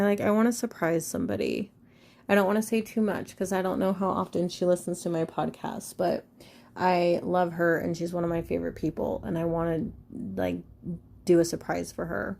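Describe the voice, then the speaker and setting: A woman in her thirties hosts a podcast in loose, casual chat. She rambles and swears freely, with a frank delivery and a voice of middling pitch. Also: vocal fry, darkish tone. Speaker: podcast host.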